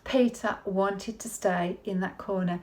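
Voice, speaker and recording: Woman, conversational sermon, folksy, tag questions, mid pitch. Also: fairly even intonation, unhurried, a little mellow. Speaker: preacher.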